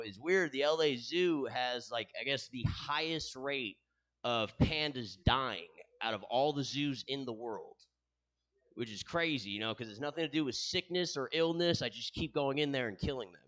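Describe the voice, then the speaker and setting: Bright-voiced rambling young stand-up comedian. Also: male voice, mid-range voice, moderate pace. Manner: rambling, self-deprecating dark humor. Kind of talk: stand-up set.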